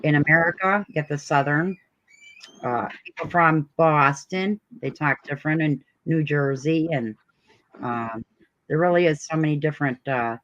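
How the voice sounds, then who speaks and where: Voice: mid-range voice, normal speed, a bit bright, lo-fi sound. A co-host on a casual stream, curious and asking many questions in a drawling way.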